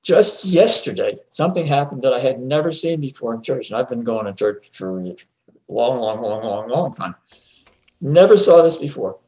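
A man chatting as a guest on a talk show, often chuckling and repeating words when he gets excited. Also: medium pitch, moderate pace. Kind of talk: casual conversation. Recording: roomy echo.

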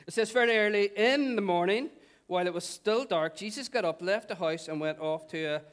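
A man with a Northern Irish accent preaching a sermon in a church, playful and joking with the congregation. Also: high-pitched. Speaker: pastor. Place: church hall.

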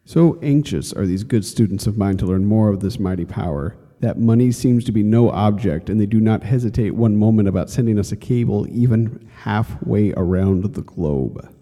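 Earnest man with a dark low voice. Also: normal speed, hardly any pauses, big-room sound. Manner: earnest, exhorting, addresses listener as friend. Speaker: course instructor. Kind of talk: read-aloud inspirational lesson.

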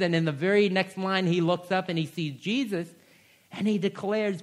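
A man's voice: fairly even intonation, normal speed. Man preaching a sermon in church. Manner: rises in pitch to stress points, drops to a hushed, soft voice for God's reassuring words. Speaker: pastor. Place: church sanctuary.

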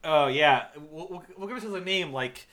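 Bright-voiced, excitable male co-host. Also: on the high side, normal speed. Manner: excitable, laughing, swears often. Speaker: podcast co-host. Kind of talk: casual podcast banter.

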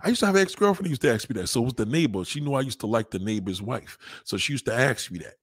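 A man's voice: medium pitch, huge pitch swings, very fast, hardly any pauses, husky, no echo, clean studio sound. A man doing a crude, profane stand-up routine, brash and blunt, acting out the voices of the people in his stories. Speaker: stand-up comedian.

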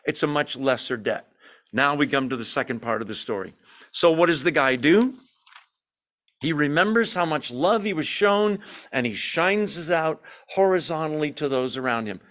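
A man leading an evening Bible study, teaching in an animated, emphatic way, asking his listeners questions and making self-deprecating asides. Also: fairly high pitch.

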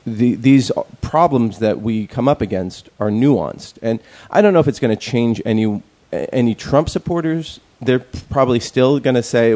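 A man's voice: medium pitch, lively intonation, moderate pace, hardly any pauses, warm tone. A man in a casual chat, rambling with many fillers and restarts and speaking bluntly, with some profanity.

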